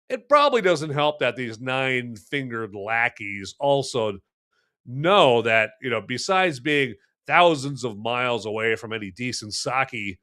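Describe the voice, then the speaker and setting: A man's voice: medium pitch, animated, measured pace, sharp tone. A man hosting a live movie review podcast, rambling and joking while answering the live chat. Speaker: podcast host.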